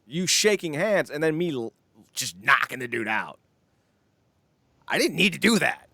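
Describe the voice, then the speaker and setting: A man co-hosting a casual wrestling podcast, ranting in an animated, sarcastic way with frequent swearing. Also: fairly high pitch, normal speed, vocal fry, pauses often, no echo. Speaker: podcast co-host.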